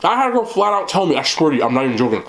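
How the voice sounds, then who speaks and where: A man hosting a mukbang, chatting casually while eating, talking in an animated way with loud bursts. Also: on the high side, rapid-fire, vocal fry, a little hiss or hum. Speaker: mukbang host.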